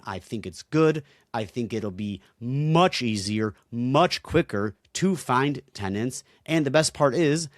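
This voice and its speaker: A man's voice: mid-range voice, no echo, clean studio sound. A young man hosting a solo podcast, talking bluntly and swearing freely, fired up as he addresses his listeners directly. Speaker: podcast host.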